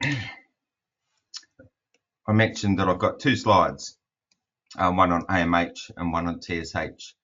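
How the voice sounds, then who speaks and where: A man, a fertility doctor, giving a webinar lecture over slides in a monotone with frequent ums. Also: low voice, a little slow, long pauses. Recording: dull, lo-fi webinar audio.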